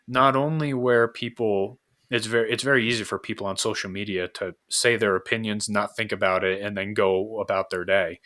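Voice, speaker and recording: Forceful New York man asking questions. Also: on the low side. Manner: probing, asks long questions. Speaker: podcast host. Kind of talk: casual podcast conversation.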